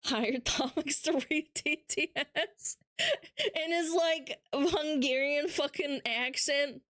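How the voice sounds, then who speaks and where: Woman streamer joking around with chat, slow drawl, kinda high voice, dry close sound. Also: fairly even intonation, a bit bright, no echo. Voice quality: joking, swearing, laughs often. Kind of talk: casual live-stream chat.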